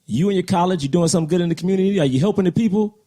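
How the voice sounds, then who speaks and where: A man's voice: high voice, very fast, dark tone. A man co-hosting a podcast, joking around and talking earnestly in casual banter. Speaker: podcast co-host.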